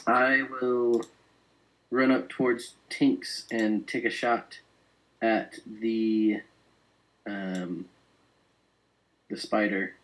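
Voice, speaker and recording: A man playing a tabletop game, taking his turns in a deliberate, measured way. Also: lowish voice, flat delivery, a bit bright, poor audio. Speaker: player. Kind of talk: casual tabletop game chat.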